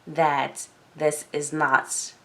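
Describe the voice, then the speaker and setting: A woman's voice: deep voice, level tone, very slow. Chatty woman recapping a book. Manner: chatty, heavy use of filler words. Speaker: book discussion vlogger.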